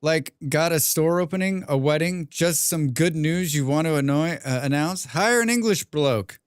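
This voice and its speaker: A young man streaming a game, chatting casually with his viewers, rambling and clearing his throat often. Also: a little high, steady tone, normal speed, no room sound, clean studio sound. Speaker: gaming livestreamer. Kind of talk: casual livestream chat while playing.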